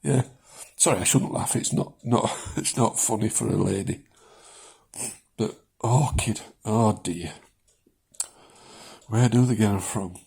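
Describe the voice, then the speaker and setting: A man in his seventies talking casually in a personal vlog, rambling with many pauses and chuckling at his own jokes, shaky as he speaks. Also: medium pitch, vocal fry, mellow, slightly rough. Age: 70s. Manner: rambling, self-deprecating, chuckles often, many ums. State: shaking. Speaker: vlogger sharing his cancer experience.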